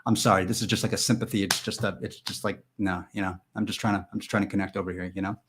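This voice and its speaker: A man's voice: low voice, flat delivery, rapid-fire, slight background noise. Rambling, jokey live-stream host man. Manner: goofy, rambling, mock-indignant, jumps between loud bursts and mumbled asides. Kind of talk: joking live chat with viewers.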